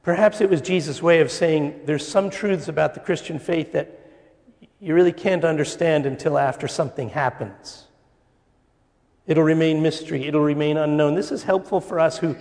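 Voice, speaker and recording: Man preaching slowly in an echoing hall. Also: fairly high pitch, darkish tone. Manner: slow, deliberate preaching with pauses. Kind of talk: sermon. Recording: long reverb of a church hall.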